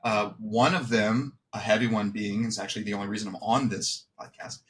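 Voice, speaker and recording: A man's voice: fairly low pitch, fairly even intonation, fairly quick, a bit bright. A man in his thirties, a podcast guest, talking casually and self-deprecatingly with lots of fillers over a video call. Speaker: podcast guest, exercise physiology researcher. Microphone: webcam setup, video call.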